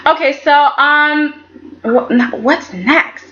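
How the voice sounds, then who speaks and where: A woman's voice: on the high side, expressive, unhurried, a bit bright, highs cut off. A woman casually reviewing a soap opera episode, chatty and opinionated, often acting out what the characters said. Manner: chatty and opinionated, acts out quotes in voices. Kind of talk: casual chat.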